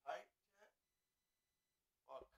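A young man chatting casually and excitedly with his livestream chat, swearing often and breaking off to talk to people in the room. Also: very slow, no room sound. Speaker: streamer.

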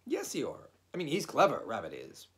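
A man reading aloud, voicing a small, timid young male piglet with a high, nervous and hesitant voice. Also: wildly swooping pitch, normal speed, fairly bright tone. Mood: earnest.

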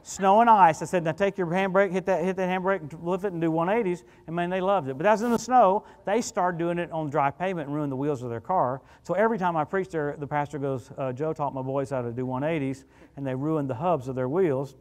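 A man preaching as a guest at a church service, telling stories in an animated, chatty way with quick asides to the congregation. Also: a little high. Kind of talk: storytelling sermon.

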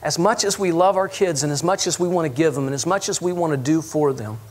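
A man's voice: fairly high pitch, fast talker. A man preaching a sermon as pastor, telling stories with humor and asking the congregation for agreement. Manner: storytelling with audience asides; self-deprecating humor.

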